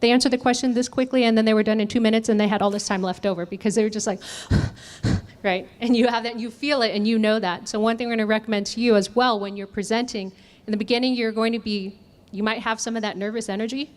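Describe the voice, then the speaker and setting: Woman trainer running a workshop, kinda high voice, asks the room lots of questions. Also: fast, hardly any pauses. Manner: lively, asks the audience questions, demonstrates voice techniques. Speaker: communication trainer. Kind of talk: interactive workshop teaching.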